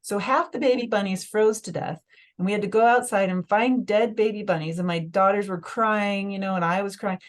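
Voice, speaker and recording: A woman's voice: medium pitch, fairly even intonation, brisk. A woman telling a personal story as a podcast guest in casual conversation, emotional and full of "like" fillers. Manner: emotional, filler-heavy, lots of "like".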